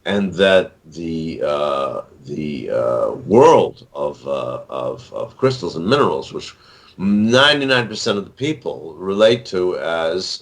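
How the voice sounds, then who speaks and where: Being interviewed casually, this man in his sixties, an author and actor, speaks slowly in a low, sing-song voice. His talk rambles, full of fillers and restarts.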